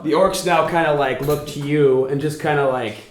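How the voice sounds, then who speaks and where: A man's voice: on the high side, steady tone, normal speed, slight background noise. A man narrating as game master in a casual, loose way, briefly slipping into the voices of characters. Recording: echoey room.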